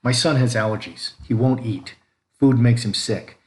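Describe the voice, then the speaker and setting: A man's voice: medium pitch, moderate pace, darkish tone, lightly acted. A man voicing a cruel, abusive father who speaks in a cold, threatening way. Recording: echoey room with faint background noise.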